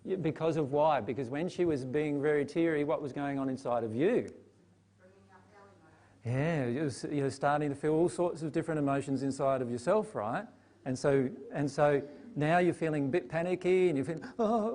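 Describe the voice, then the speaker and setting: Man, slightly higher voice, live group teaching, conversational, asks the audience questions. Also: darkish tone. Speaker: teacher leading a Q&A session.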